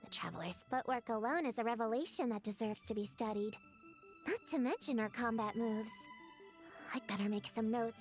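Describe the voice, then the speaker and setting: A woman voicing a studious young woman in a video game, who muses in a measured, lecturing way. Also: on the high side, faint music behind, natural voice. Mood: pondering.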